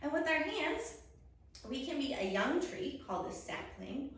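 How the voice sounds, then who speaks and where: A woman's voice: high voice, sing-song, unhurried, a bit bright. A young woman leading a children's yoga story time, upbeat and encouraging, with sing-song sound effects. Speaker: kids yoga instructor. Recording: echoey room, distant mic.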